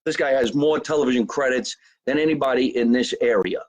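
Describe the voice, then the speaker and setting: A New man hosts a live home-basement podcast. He jokes loosely and reads viewer comments out, in a voice of middle pitch. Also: a little fast. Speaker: podcast host. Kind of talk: casual live show chat.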